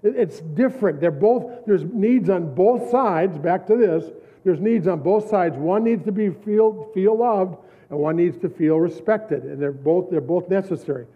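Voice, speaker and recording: A middle-aged pastor with a high-pitched, unhurried voice preaches a sermon built around stories from his own life. He leans on repeated, emphatic phrases and laughs often, and the recording sounds tinny, like a phone.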